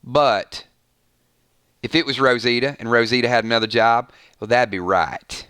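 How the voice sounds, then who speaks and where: A man putting on a folksy, blunt Southern woman with a slow, exaggerated Deep South drawl. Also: fairly even intonation, bright, forceful tone, clean tone, dry recording, studio quality, natural voice.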